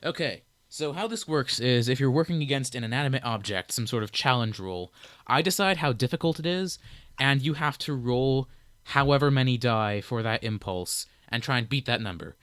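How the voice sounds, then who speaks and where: A young man narrating and explaining rules as game master of a tabletop game, relaxed and playful. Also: mid-range voice, normal speed, no echo.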